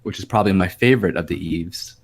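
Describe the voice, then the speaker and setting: Teasing young man, low voice. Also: fast. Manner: joking, teasing, rambling. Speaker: livestream co-host. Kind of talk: casual joking chat.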